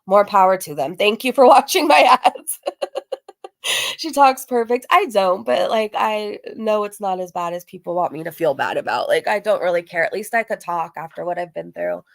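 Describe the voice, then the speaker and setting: A woman with a gravelly, hoarse-sounding voice, chatting casually on a livestream as she reads and answers viewer comments, rambling with lots of fillers. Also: medium pitch, expressive, moderate pace. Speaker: livestream host. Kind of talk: casual live-stream chat reading comments.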